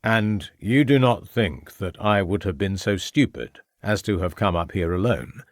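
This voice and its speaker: A man voicing a calm, determined police inspector who speaks in a measured, firm way. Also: low voice, no room sound, studio quality.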